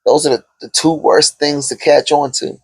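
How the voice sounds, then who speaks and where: A man's voice: a little high, flat delivery, normal speed, breathy edge, no room sound, low-quality recording. A man hosting a podcast, telling a story in a loose, slangy, boastful way and swearing freely. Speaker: podcast host. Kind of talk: casual storytelling chat.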